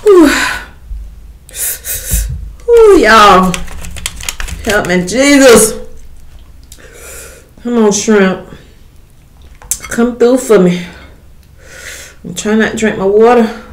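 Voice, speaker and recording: A woman's voice: fairly high pitch, animated, very slow, long pauses. A woman eating on camera and chatting casually to viewers. She hums and chews between remarks and calls her viewers "y'all". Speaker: mukbang eating vlogger. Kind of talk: casual eating-video chat. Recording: echoey room with faint noise.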